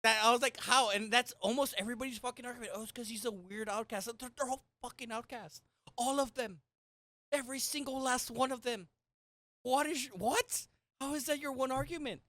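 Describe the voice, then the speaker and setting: A woman's voice: fairly high pitch, brisk, no room sound. Ranting, foul-mouthed young woman. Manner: ranting, swears a lot, bursts of loud exasperation. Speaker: podcast co-host. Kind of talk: casual chat.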